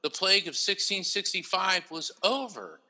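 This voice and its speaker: A man talking as an interview guest, telling a story in an animated way and often repeating words as he gets going. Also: high voice, moderate pace. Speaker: guest, psychic medium.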